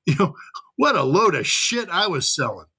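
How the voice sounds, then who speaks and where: An American man, appearing as a guest commentator, delivers heated political commentary that is blunt and profane, mimicking other people's voices to drive his point home. His voice is a little high and sing-song, bright, forceful and slightly rough, at a moderate pace.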